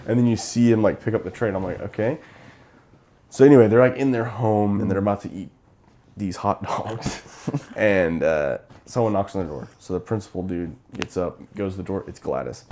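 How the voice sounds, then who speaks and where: A young man with a low, mellow voice chats loosely through a film's plot, filling it with "like" and slipping into quick impressions of the characters. His easygoing, rambling recap sounds like two friends talking a movie over. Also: a little hiss or hum. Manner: rambling plot recap full of fillers, acting out characters' lines. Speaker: co-host of a movie review show. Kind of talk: casual chat retelling a film.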